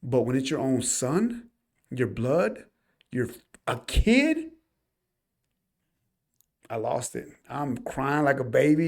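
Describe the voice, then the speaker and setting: A man co-hosting a podcast, telling a personal story in casual chat, earnest and emphatic, often calling the listeners y'all. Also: a little high. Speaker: podcast co-host.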